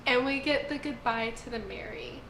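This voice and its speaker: A woman's voice: fairly high pitch, normal speed, vocal fry, a bit bright. A young woman hosting an anime review, talking in a casual, gushing, emotional way. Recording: roomy echo, faint noise.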